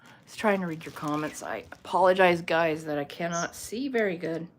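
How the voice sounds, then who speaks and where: Woman, low voice, casual rambling livestream host on her phone, laughs easily. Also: fairly quick. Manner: rambling, chatty, laughs often. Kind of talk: casual livestream chat with viewers. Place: home room lit by a small ring light.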